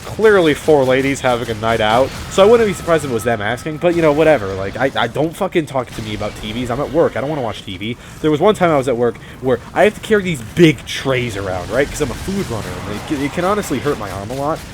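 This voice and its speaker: A young man giving casual, rambling commentary over a game, animated and full of swearing. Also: medium pitch, quick pace, hardly any pauses, soft background music. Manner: rambling, profane, animated storytelling. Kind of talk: casual let's-play commentary.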